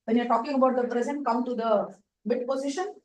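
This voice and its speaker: High-voiced woman in an echoey room. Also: fairly even intonation, fast. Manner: emphatic, explanatory, repeats key points. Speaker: speaker giving a contest training session. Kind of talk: advisory workshop talk. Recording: echoey room, distant mic, faint noise.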